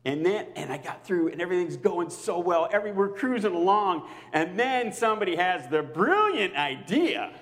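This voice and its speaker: Emotional pastor with wide-swinging delivery. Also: male voice, high-pitched, sing-song, moderate pace, hardly any pauses, big-room sound. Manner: emotional, swings from loud to near-whisper. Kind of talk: sermon.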